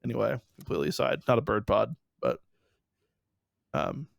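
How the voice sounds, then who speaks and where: A man's voice: lowish voice, big pitch swings, moderate pace, vocal fry, no room sound, studio quality. A young man with an Ohio accent co-hosting a podcast, chatting in a rambling, upbeat way with plenty of fillers. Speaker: podcast co-host. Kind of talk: casual podcast chat.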